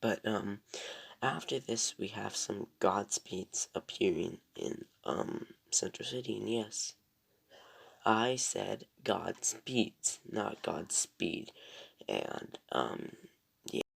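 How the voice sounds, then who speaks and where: A man's voice: on the low side, sing-song, slow pace, vocal fry, breathy edge. A young man casually reviewing a TV episode, rambling and hesitant with lots of ums, often drifting into mumbled whispers.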